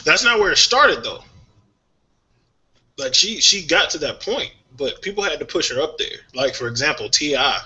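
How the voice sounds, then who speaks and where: A man on a casual music talk show, airing strong views about artists with lively energy. His tone is bright and forceful, and the recording sounds dull and lo-fi. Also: on the high side, normal speed. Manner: opinionated, animated, laughs often. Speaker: podcast co-host.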